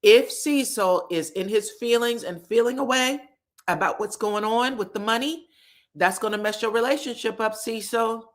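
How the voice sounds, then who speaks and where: A woman's voice: fairly high pitch, moderate pace. A woman giving sassy, chatty commentary on reality TV gossip, talking straight to her viewers. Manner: sassy, chatty, calls viewers "child" and "girl". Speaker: pop culture commentator.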